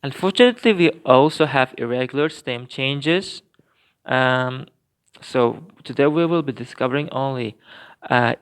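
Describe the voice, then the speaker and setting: Slow, clear-voiced man teaching grammar. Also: mid-range voice. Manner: slow, careful explaining with many fillers and restarts. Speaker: language teacher. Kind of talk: recorded grammar lesson.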